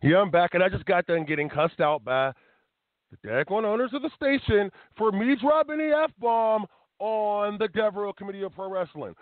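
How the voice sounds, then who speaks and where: A man's voice: high-pitched, moderate pace, no echo. A man hosting a wrestling talk show on internet radio, talking in a heated, emphatic way. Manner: animated, riled up, emphatic. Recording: tinny phone-quality internet radio.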